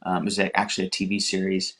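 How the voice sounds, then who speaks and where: Low-voiced earnest male director. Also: monotone, racing, gravelly, fairly bright tone. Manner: earnest, encouraging, reflective. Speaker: film director guest. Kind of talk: casual interview chat.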